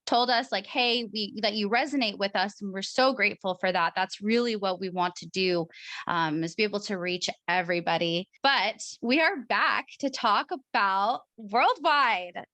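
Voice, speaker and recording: A woman's voice: mid-range voice, normal speed, pushed and bright, dry recording. A woman co-hosting a casual podcast, bubbly and laughing often. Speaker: podcast co-host. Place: Arizona.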